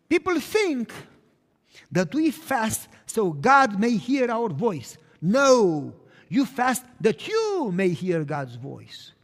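A pastor preaching a sermon, earnest, moving between emphatic lines and hushed, quiet passages. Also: male voice, high voice, huge pitch swings, drawn-out words. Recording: echoey hall with long reverb.

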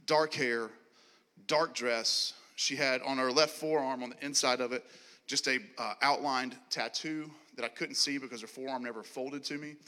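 A man preaching a sermon as he tells a story, acting out the dialogue and laughing and clearing his throat often. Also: mid-range voice, sharp tone. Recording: long hall reverb.

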